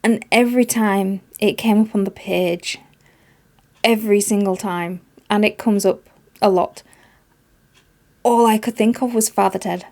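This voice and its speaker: A woman's voice: medium pitch, steady tone, unhurried, long pauses, warm tone. A woman giving a casual spoken book review, emphatic and exasperated, repeating words for stress.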